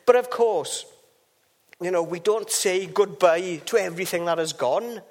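Casting note: man, higher voice, relaxed devotional speaker who rambles through asides. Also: a little slow. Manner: chatty and rambling, with restarts and asides. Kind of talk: informal devotional talk.

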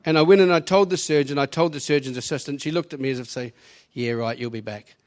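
Racing along in a voice on the high side, a New Zealand man tells his story to his church congregation. He's a member of the church giving personal testimony in plain terms, with a New Zealand accent.

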